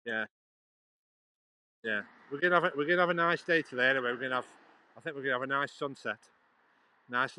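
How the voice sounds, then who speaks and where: Walking outdoors next to a busy road, an Englishman livestreams and chats rambling-style, addressing a viewer directly. His mid-range voice sounds pushed and bright, and the audio is poor.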